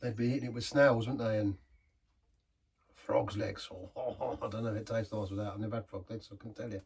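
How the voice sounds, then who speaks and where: A man's voice: on the low side, steady tone, a little fast, gravelly, darkish tone, slightly rough, distant mic. A man giving a casual, rambling beer review, often stopping and restarting his sentences. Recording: voice set back from the mic.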